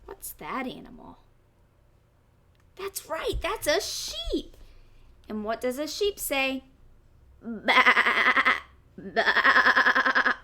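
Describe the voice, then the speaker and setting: A woman children's librarian reading a picture book aloud at storytime, animated, asking the kids questions and slipping into gasps and whispers. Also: high voice, takes it slowly, pauses often.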